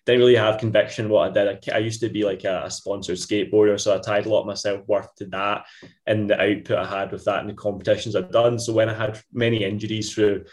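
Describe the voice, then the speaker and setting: A man's voice: lowish voice, little pitch movement, fast talker. A young Scottish man from Ayrshire, a fitness coach chatting upbeat and casual as a podcast guest. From Ayrshire, Scotland. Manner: chatty, upbeat, lots of mate and wee.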